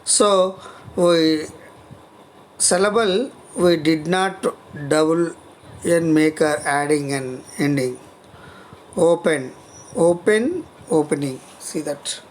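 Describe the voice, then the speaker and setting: Lecturer, spelling lesson, very slow delivery, halting, spells out words letter by letter, faint background hiss. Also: medium pitch. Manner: repeats and restarts phrases. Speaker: college lecturer. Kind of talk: grammar lesson on spelling rules.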